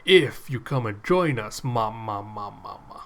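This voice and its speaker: A man doing a domineering old pirate queen with a rolling chuckle. He reads her lines close to his own voice, loud and bossy. It sounds like a fan's manga recap read aloud. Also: expressive, unhurried. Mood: scheming. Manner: booming, chuckling "ma ma".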